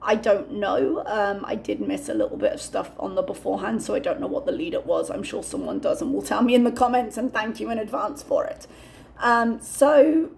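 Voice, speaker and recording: Young woman on a reaction channel, bit of vocal fry, rants and swears, very candid. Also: medium pitch, sing-song, fairly quick, darkish tone, a little hiss or hum. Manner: ranting, candid, swears freely. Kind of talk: commentary.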